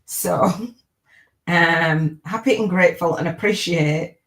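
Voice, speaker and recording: A woman's voice: on the low side, slow, a bit bright, low-quality recording. A middle-aged woman hosting a live-streamed podcast, chatting in an upbeat, rambling way and repeating gratitude affirmations. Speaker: podcast host.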